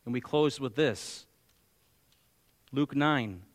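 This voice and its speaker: A man preaching a sermon as pastor, emphatic, swinging between loud exclamations and quiet, slow asides. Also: medium pitch, in a large hall.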